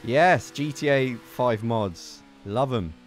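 A young man giving excitable gameplay commentary as a gaming video host, swearing and laughing at his mishaps. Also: medium pitch, slow, slight background noise. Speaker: gaming YouTuber.

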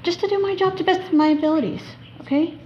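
A woman acting out a worn-out airline gate agent, firm and exasperated, in a high voice on a slightly dull recording. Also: fast, a little mellow, slight background noise.

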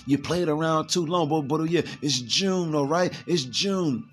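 A man preaching fervently from scripture, reading verses slowly and then ranting fast in street slang, repeating words as he goes. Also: on the high side, faint music behind.

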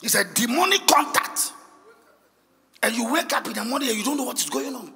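A male pastor, preaching a sermon in a church hall and swinging from hushed low asides to shouted, sing-song preaching. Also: expressive, a little fast, gravelly, slightly rough. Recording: long echoing church hall reverb.

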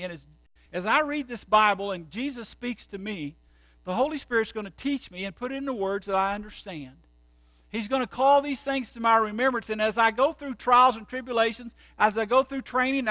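Very high-voiced preacher man, forceful and bright. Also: no room sound. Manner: dramatic storytelling, swinging from loud outbursts to hushed tones. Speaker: pastor. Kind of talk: sermon.

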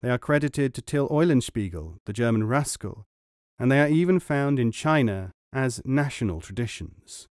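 This is scripted audiobook narration by a man reading world tales in an unhurried, even storytelling tone. His mid-range voice comes through clean studio sound with no room ambience.

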